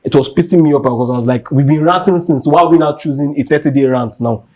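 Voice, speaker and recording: A fast-talking young Nigerian man with a slightly high, somewhat mellow voice hosts a podcast in Nigerian English. He rants passionately and emphatically, repeating his points to press them home.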